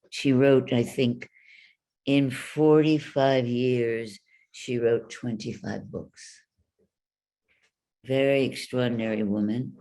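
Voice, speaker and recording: A woman's voice: very deep voice, darkish tone. A woman voice coach teaching an online workshop, explaining and demonstrating sounds over a video call. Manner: demonstrative, drawn-out vocal examples.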